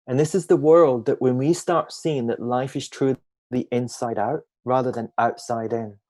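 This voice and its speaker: A man giving a reflective spiritual talk on a group call, musing gently and slowing down to stress key ideas. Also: medium pitch. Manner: gentle, musing, often slows down for emphasis. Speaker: guest speaker on a group call.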